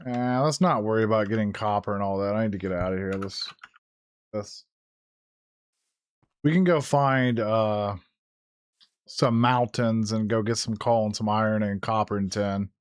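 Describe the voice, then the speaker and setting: A man's voice: lowish voice, normal speed, pauses often, dry recording. Chatty man streaming a game, dry mic. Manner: chatty, easily startled, laughs often. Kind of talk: casual gameplay commentary.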